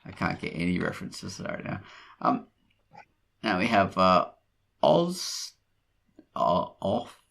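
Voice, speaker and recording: Gravelly male host, slow, lively pitch, bright tone. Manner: hesitant, laughing often. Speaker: podcast host. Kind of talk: casual podcast chat.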